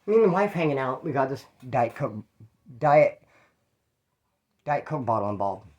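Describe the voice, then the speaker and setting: A man's voice: mid-range voice, big pitch swings, normal speed, a little mellow. Rambling, slangy man telling stories. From Bakersfield, California. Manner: slangy, profane, rambling with asides. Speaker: former prisoner telling stories. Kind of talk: casual storytelling monologue.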